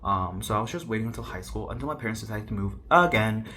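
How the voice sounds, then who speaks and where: A man's voice: on the low side, expressive, fast talker, pushed and bright. A Korean-born young man casually telling a personal story to camera, chatty and self-mocking. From South Korea. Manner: chatty, self-mocking, mimics others' voices. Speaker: YouTuber.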